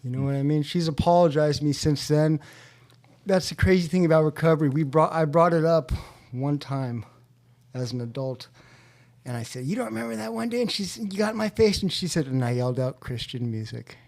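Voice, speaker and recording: A man's voice: fairly high pitch, normal speed, darkish tone. A man from California, a podcast guest, telling his recovery story in an earnest, heartfelt way.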